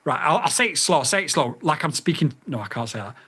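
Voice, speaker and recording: A man in a casual review vlog, his pitch leaping all over as his patience runs out. He swears and keeps repeating the same voice commands, exasperated and blunt. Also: lively intonation, quick pace, bright, forceful tone, breathy edge. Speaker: vlogger reviewing a drone radio.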